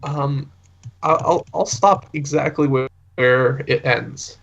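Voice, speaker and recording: A man's voice: mid-range voice, creaky, fairly bright tone. A man playing a tabletop role-playing game, talking playfully and hesitantly. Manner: playful, hesitant, drawn-out speech. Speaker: player. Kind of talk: casual tabletop role-play. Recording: dull lo-fi mic.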